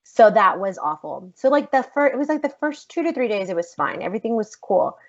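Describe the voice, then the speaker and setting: American actress telling her story on a podcast, loud and blunt, kinda dull lo-fi sound. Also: medium pitch, brisk. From United States. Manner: animated, emphatic, blunt, swears freely. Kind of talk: casual storytelling interview. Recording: slightly dull lo-fi podcast audio.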